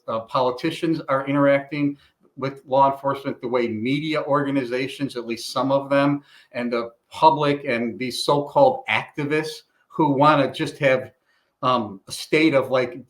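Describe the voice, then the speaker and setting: A middle-aged man tells stories in a loose, conversational way, slipping into other people's voices as he recounts what they said. He speaks at an ordinary pitch, with the plain manner of a retired police chief. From Illinois, US. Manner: animated storyteller, acts out quoted dialogue. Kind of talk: casual storytelling interview.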